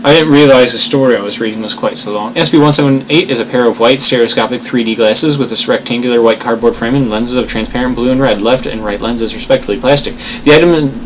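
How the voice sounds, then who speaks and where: A man casually chatting with viewers on a live stream, playful and chatty, who also reads a story aloud slowly. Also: medium pitch, fairly bright tone, a little hiss or hum, poor audio.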